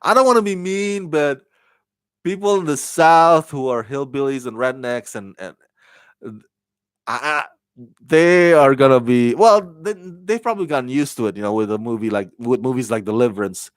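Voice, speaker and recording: A man's voice: mid-range voice, expressive, moderate pace, clear, resonant tone, no echo. A man giving a casual spoken TV review, rambling and repeating words as he thinks aloud. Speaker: TV show reviewer.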